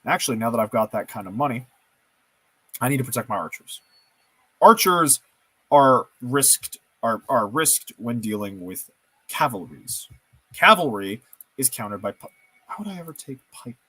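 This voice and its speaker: A man talks through his moves in a strategy game, musing aloud and poking fun at himself. His voice sits at a middling pitch but bounces up and down with lively intonation. The recording is dry and close, with no room echo. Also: normal speed, pauses often, slightly rough. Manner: thinking aloud, self-mocking, playful. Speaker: gameplay streamer. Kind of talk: casual let's-play commentary.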